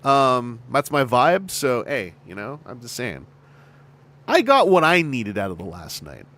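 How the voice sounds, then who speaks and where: Animated, joking man with lively pitch. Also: unhurried. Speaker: podcast host. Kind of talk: casual chat.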